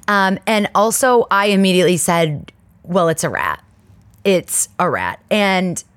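A woman's voice: on the low side, dry recording. Chatty woman host telling rambling stories. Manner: chatty, rambling, animated retelling with tangents. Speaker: podcast host. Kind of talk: casual storytelling monologue.

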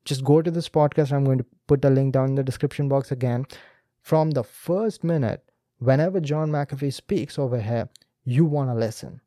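Guy breaking down a clip, teacher vibe, soft warm tone. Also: mid-range voice, normal speed, no echo, studio quality. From India. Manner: teacherly, addresses the listener directly. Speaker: podcast host and speaking coach. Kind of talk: explanatory commentary on a video clip.

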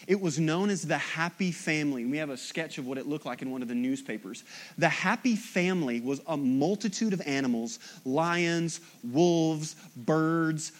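A man preaching a sermon, dynamic and humorous, rising to loud emphasis and dropping to quiet intensity. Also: fairly high pitch. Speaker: pastor.

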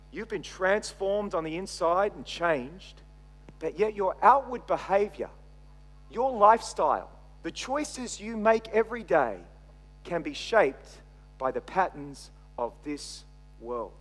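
Aussie pastor guy, pretty high voice, big echoey church hall, goes loud then soft. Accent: Australian. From Australia. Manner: expressive preaching, swinging between loud emphasis and quiet asides. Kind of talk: sermon. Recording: long reverb from a large hall.

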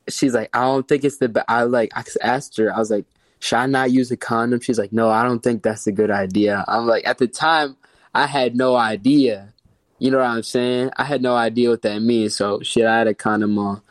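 A young man tells a wild personal story in loose, slangy chat, laughing as he goes. His voice sits at an ordinary pitch and is recorded dry and close, with no room sound. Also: fairly even intonation, moderate pace, no echo. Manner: slangy, laughing, says bro a lot. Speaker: guest storyteller.

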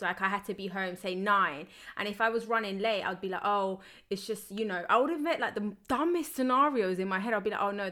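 A woman in casual chat, telling stories and acting out what people said. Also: mid-range voice. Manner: animated storyteller, acts out quoted dialogue.

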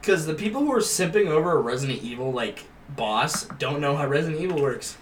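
A man's voice: fairly high pitch, expressive, a little fast. Swearing young man, echoey distant mic. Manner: swears a lot, laughs often. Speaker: podcast co-host. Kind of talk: casual crude banter. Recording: echoey room, distant mic, faint hiss.

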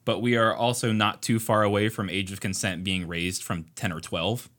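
A man's voice: on the low side, fairly even intonation, moderate pace, fairly bright tone. A man co-hosting a casual podcast who reads passages aloud and explains them steadily. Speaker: podcast co-host.

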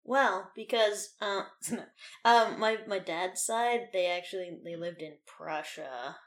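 A woman's voice: lowish voice, slow pace. A woman co-hosting a casual chat, joking crudely and laughing often.

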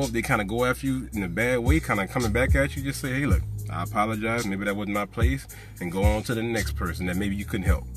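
A man hosting a motivational podcast, preachy and fired up, repeating phrases for emphasis. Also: fairly low pitch. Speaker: podcast host.

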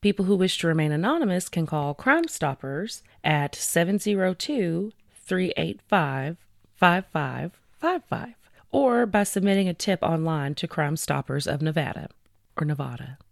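A woman's voice: on the low side, big pitch swings, a little slow, gravelly. A woman co-hosts a casual true-crime podcast. She relays news stories from her research in a loose, conversational way, leaning on fillers. The sound is dry and close, with little room echo. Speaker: podcast co-host.

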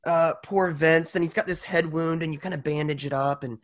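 A man's voice: fairly high pitch, steady tone, fairly quick, dry recording. A man narrating as game master for a tabletop game, casual and rambling with lots of fillers.

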